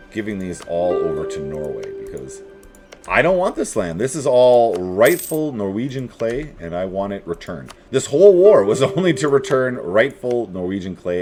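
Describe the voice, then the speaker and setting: A man giving casual, wry running commentary while playing a strategy game, joking to himself as he goes. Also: fairly low pitch.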